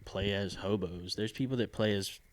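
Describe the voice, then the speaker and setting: A man's voice: on the low side, moderate pace, crowd noise. A man co-hosting a podcast, chatting casually in a loose, rambling way with offhand swearing. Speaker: podcast co-host. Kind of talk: casual chat.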